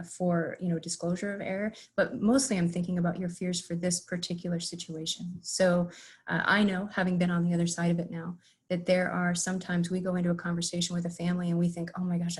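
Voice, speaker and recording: An earnest woman leads a webinar in a conversational way, pausing on "uh" as she works through her points. Her voice sits a little low and has a husky edge. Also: level tone, darkish tone. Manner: earnest, frequent "uh" fillers, talks through slides. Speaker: webinar presenter on patient communication. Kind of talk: conversational presentation. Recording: webinar audio.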